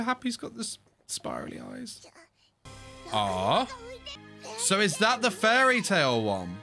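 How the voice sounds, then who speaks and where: A young man giving excitable casual reaction commentary, often laughing. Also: fairly high pitch. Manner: excitable, frequent laughter and "mate". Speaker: anime reaction host.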